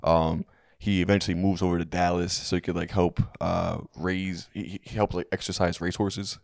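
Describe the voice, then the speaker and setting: A man's voice: deep voice, level tone, normal speed, vocal fry, a little mellow, no room sound, clean studio sound. A man co-hosting a comedy history podcast, talking in a laid-back, crude way with many fillers and restarts. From family from a third world country. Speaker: podcast co-host. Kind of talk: casual comedy podcast chat.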